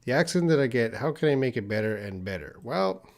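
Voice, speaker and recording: A man teaching English on a live stream, answering viewer questions and explaining with many pauses and fillers. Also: medium pitch, expressive.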